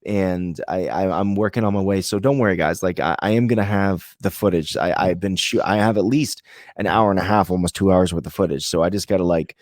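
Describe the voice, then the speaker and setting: A man's voice: deep voice, brisk, dry recording, clean studio sound. A man from Vermont co-hosting a podcast, chatting casually in a rambling, joking way with a lot of swearing. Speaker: podcast co-host. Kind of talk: casual chat.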